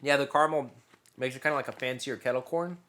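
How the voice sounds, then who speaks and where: A man co-hosting a podcast, chatting casually while tasting snacks, rambling and joking with loud bursts of laughter. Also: mid-range voice, steady tone, quick pace, slight background noise. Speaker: podcast co-host.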